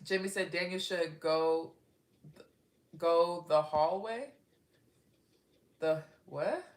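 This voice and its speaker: A woman's voice: lowish voice, slow pace, echoey room. A young woman from Texas casually chatting on a livestream, reading viewer comments aloud and often giggling. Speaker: livestream host.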